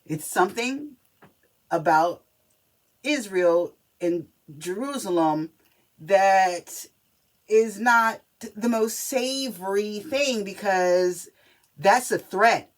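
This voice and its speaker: A woman's voice: mid-range voice, animated, slow. A woman talking casually to camera as a spiritual reader, chatty and emphatic, often checking in with the listener. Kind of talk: casual spiritual reading video.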